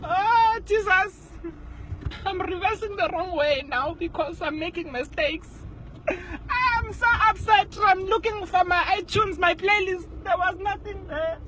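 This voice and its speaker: A man doing a shrill, ranting South African driver. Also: a little slow, background noise. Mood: upset ranting. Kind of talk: comedy sketch monologue. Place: inside a car on the road.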